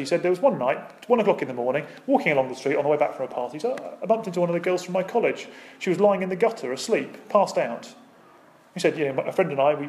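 A man's voice: a little high, a little mellow. A man preaching a sermon as pastor, speaking with emphatic, rising and falling intensity and asking the congregation rhetorical questions.

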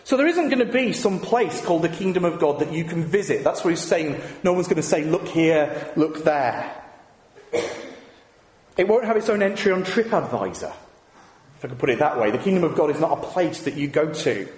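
Lively preacher in an echoey church. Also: male voice, on the high side, quick pace. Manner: conversational, asks the congregation rhetorical tag questions. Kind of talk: sermon. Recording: echoey hall with long reverb.

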